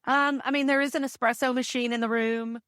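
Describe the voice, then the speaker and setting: A woman's voice: high-pitched, steady tone, fairly quick, fairly bright tone, clear, resonant tone, no echo, clean studio sound. A woman from Texas chatting as a podcast guest, telling her stories enthusiastically with plenty of fillers. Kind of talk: casual interview chat.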